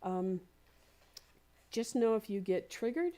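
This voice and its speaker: A woman minister giving a sermon, gentle and encouraging, slowly repeating phrases for emphasis. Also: mid-range voice, animated. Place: spiritual community center.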